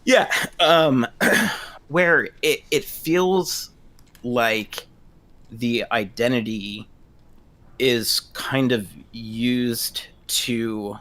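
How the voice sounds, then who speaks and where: Bright-voiced hesitant male therapist. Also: medium pitch, drawn-out words. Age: 30s. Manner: hesitant, many restarts and fillers. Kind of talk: casual discussion.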